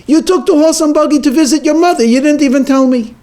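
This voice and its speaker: A man's voice: high-pitched, animated, measured pace, darkish tone, exaggerated voice. A man voicing an ambitious, scheming village husband who talks insistently about grand plans. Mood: enraged. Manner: insistent, grandly planning, bursts into anger.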